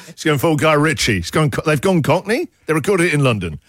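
Lively joking male radio host. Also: a little high, a little slow, noisy background. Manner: jokey, laughs often, reads listener entries aloud. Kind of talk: breakfast radio chat. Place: radio studio. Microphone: studio microphone. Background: music playing under the talk.

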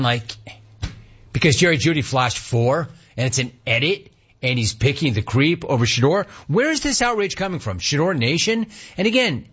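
A man's voice: mid-range voice, a bit bright, husky. A man hosting a sports talk show, ranting with rhetorical questions and reading out chat comments. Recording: dull lo-fi sound.

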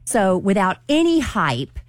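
A woman's voice: mid-range voice, very animated, measured pace. A woman, chatting as the entertainment news voice of a morning radio show in a gossipy storytelling way.

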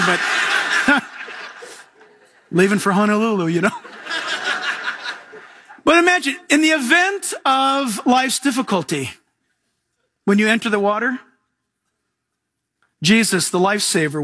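A man preaching a sermon as pastor, telling stories with jokes and chuckles and mimicking other people in lively asides. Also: high-pitched, a little hiss or hum.

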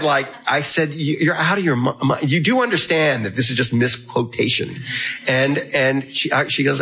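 Middle-aged male guest, low bright husky voice, lively yarn-spinner. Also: poor audio. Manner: animated anecdote-telling with quoted dialogue and laughs. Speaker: guest author. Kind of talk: casual storytelling in an interview.

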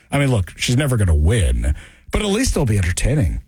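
A man's voice: on the low side, huge pitch swings, a little fast, darkish tone, slightly rough, no echo. A man hosting a political talk radio show, sarcastic and mocking in his commentary.

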